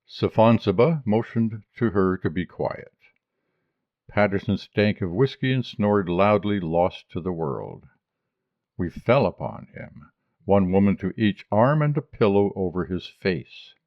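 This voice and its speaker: A man reading a short story aloud as an audiobook narrator, in a measured, even delivery. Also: low-pitched, no room sound, lo-fi sound. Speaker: audiobook reader.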